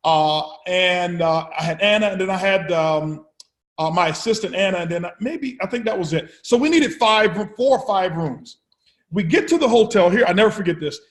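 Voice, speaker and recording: A man speaking to his business partners as company founder, telling energetic motivational stories, often repeating words and acting out conversations. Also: sits high, moderate pace, roomy sound. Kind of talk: motivational storytelling speech.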